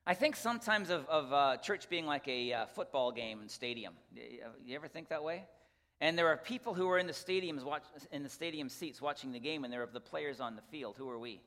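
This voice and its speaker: Chatty pastor in a reverberant sanctuary. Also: male voice, a little high, lively intonation, fairly quick, a bit bright. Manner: conversational, folksy, with restarts and asides. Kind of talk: church announcement and prayer. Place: church sanctuary. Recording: long reverb of a church sanctuary.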